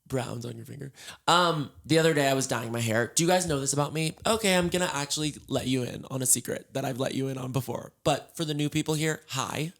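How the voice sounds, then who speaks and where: A man with a gravelly, creaky voice talks casually from his bed, tired and a little hoarse. He hosts a solo podcast, wandering off track and joking at his own expense. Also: medium pitch, fast talker. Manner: rambling, scattered and self-mocking. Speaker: podcast host. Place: in bed at home.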